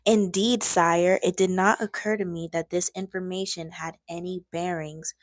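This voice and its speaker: A woman reading aloud and voicing a calm, bored male minister who answers with unbothered disdain. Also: lowish voice, normal speed, no echo, close to an everyday voice.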